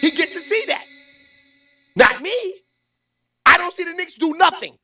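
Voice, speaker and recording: A man hosting a vlog, giving casual and animated sports commentary in slangy talk, laughing often. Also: extremely high pitch, a little slow, loud music behind the voice. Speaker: vlog host.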